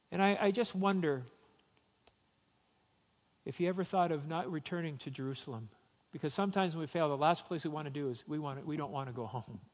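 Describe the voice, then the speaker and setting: Man, pastor, sermon, storytelling turning emphatic, high voice, long church reverb. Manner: storytelling, rising to emphatic exhortation.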